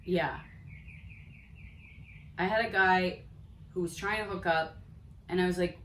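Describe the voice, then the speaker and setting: A woman's voice: fairly low pitch, steady tone, measured pace, pauses often, fairly bright tone, reverberant, a little hiss or hum, poor audio. A woman in her thirties co-hosting a comedy podcast, talking bluntly and straightforwardly, often laughing. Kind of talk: casual comedic chat.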